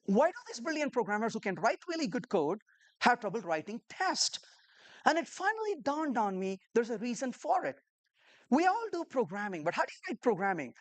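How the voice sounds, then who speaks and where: Woman, conference speaker, a bit high-pitched, very animated storyteller who acts out conversations. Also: fairly quick. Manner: rhetorical questions to the audience. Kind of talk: live conference talk to a room of developers.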